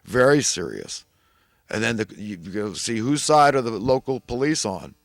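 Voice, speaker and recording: A man's voice: on the low side, animated, moderate pace, no room sound. A man delivering a rambling, indignant monologue that turns preachy as he goes. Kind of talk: ranting monologue.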